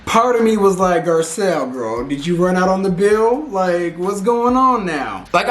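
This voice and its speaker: Frank, slangy man in an echoey room. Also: mid-range voice. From Houston, Texas. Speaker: pop culture commentator. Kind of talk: casual opinion vlog.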